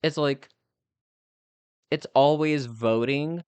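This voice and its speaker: A man's voice: fairly high pitch, slow, darkish tone, smooth, no room sound. A young man chatting casually as a live streamer, speaking candidly and rambling with lots of filler words. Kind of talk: casual chat.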